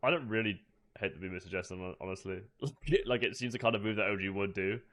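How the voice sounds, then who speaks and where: A man's voice: lowish voice, fast talker, fairly bright tone. A man co-hosting a podcast in casual chat, rambling and laid-back, swearing now and then. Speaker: podcast co-host.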